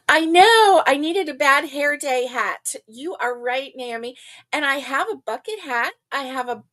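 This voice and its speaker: Hosting a relaxed live chat, an older woman greets each viewer individually and laughs often. Her slightly high voice is expressive and a bit bright, and she talks at an easy, slow pace.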